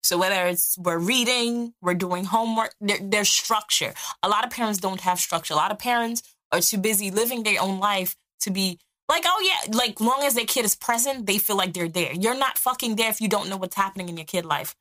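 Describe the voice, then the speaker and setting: A woman's voice: medium pitch, brisk, hardly any pauses, pushed and bright. A woman in her thirties co-hosting a podcast, chatting casually and telling blunt, profane stories. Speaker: podcast co-host. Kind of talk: casual chat.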